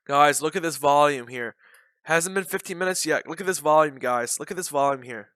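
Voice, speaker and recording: A man's voice: fairly high pitch, a little fast, a bit bright, clear, resonant tone, no room sound. Blunt, frustrated male day-trading streamer. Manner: blunt, repetitive, openly frustrated. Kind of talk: live trading commentary.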